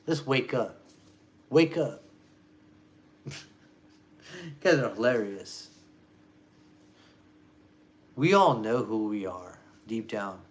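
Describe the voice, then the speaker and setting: A man ranting in a rambling, low-key, muttering monologue. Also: lively intonation, takes it slowly, long pauses. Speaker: vlogger.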